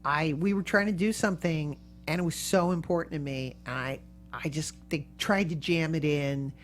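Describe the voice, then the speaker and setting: A woman hosting an interview podcast, telling stories in an animated way with frequent laughs and quick self-interruptions. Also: deep voice, soft background music. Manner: animated storyteller who laughs often; fast run-on sentences with self-interruptions. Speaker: podcast host. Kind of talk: casual interview chat.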